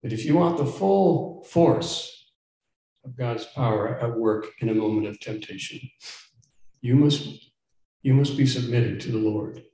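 A man's voice: mid-range voice, measured pace, dark tone. A man preaching a sermon as pastor, earnest and emphatic, sometimes stumbling and repeating words as he presses a point. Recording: very echoey church room.

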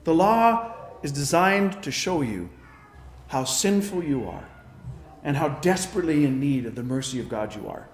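High-voiced man preaching in an echoey room. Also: animated, moderate pace, faint music behind. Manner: emphatic, swings between loud declarations and quiet asides. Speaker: pastor. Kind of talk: sermon.

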